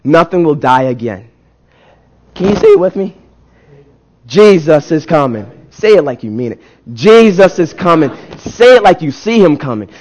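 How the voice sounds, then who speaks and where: A man's voice: on the high side, sing-song, normal speed, pauses often, a little mellow, rough recording. A man preaching a sermon who repeats and restarts words as he builds intensity and leads the congregation in call-and-response. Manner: rising to emphatic peaks, call-and-response with the congregation.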